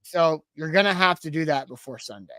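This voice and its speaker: A man's voice: a little high, animated, fairly quick, sharp tone, dry recording, studio quality. A man hosting a live sports podcast, chatting casually and reading sponsor spots. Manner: chatty, reads sponsor ads. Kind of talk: casual live-stream chat.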